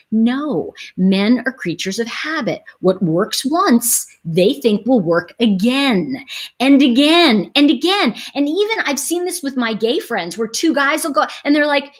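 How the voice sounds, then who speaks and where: Animated chatty woman livestreamer. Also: a little high, a little slow, husky. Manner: animated, chatty, talks straight to viewers. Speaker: livestream host. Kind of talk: casual live-stream commentary.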